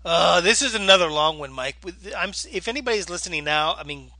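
A man's voice: high-pitched, lively intonation, fairly quick, bright, forceful tone, dry recording. A middle-aged man co-hosting a podcast, tired and yawning, rambling and trailing off in self-deprecating chat. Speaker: podcast co-host. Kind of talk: casual chat.

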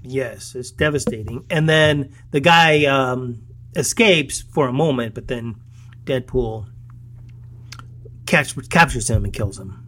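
A man's voice: medium pitch, slow, fairly bright tone. Rambling, chuckly man recapping a movie. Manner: rambling, many fillers and restarts, chuckling. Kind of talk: casual movie recap chat.

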